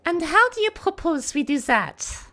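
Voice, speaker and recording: A woman's voice: very high voice, very animated, unhurried, pushed and bright, voice pushed up, exaggerated voice. A woman voicing a formal, poised young character in a raised voice, practicing lines on stream. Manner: stiff, formal delivery.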